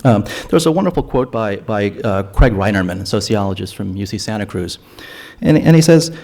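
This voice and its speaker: A man's voice: on the low side, lively intonation, brisk, darkish tone. Earnest man arguing drug policy at a forum. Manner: earnest, argumentative, repeats words when restarting. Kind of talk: forum talk. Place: lecture hall.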